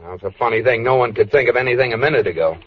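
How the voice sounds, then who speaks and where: An actor playing an insistent, eager husband in a 1940s radio comedy, heard through a dull, noisy old broadcast. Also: male voice, medium pitch, rapid-fire, natural voice. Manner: insistent, defensive. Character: stubborn, eager husband with home movies.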